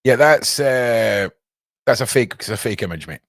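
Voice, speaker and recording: A man's voice: medium pitch, expressive, moderate pace, a bit bright, no room sound, studio quality. A man hosting a livestream, chatting sarcastically and jokily with lots of slang. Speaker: livestream host. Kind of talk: casual commentary.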